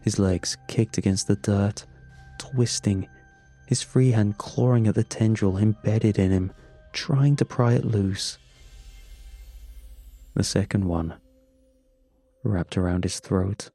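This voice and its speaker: A man tells a first-person horror story in a slow, measured, grim way. His voice sits low and dark, with faint music underneath. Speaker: narrator.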